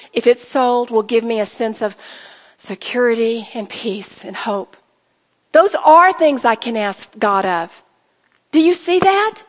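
High-voiced woman preaching in a hall. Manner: earnest, exhorting, acts out prayers aloud. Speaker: women's Bible teacher. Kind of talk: sermon. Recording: hall reverb.

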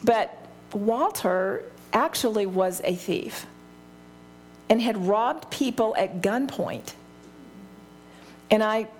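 A middle-aged woman leads a Bible study with frank, homey candor. She teaches conversationally and laughs at herself often, in a voice of ordinary, middle pitch. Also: a little hiss or hum. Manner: candid and self-deprecating, laughs often.

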